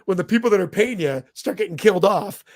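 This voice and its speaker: A man's voice: sits high, animated, fast talker, vocal fry. A man co-hosting a casual movie review podcast, laughing often and swearing as he chats. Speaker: podcast co-host.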